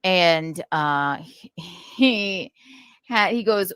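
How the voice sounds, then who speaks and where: A woman's voice: mid-range voice, expressive, a little slow, a bit bright, dry recording. Woman laughing through a story. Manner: laughing, recounts with quoted dialogue. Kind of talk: casual storytelling.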